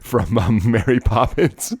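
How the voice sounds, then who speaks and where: A man's voice: mid-range voice, slow, husky, no echo. A man co-hosting a casual podcast, joking, swearing freely and laughing often. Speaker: podcast co-host. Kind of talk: casual chat.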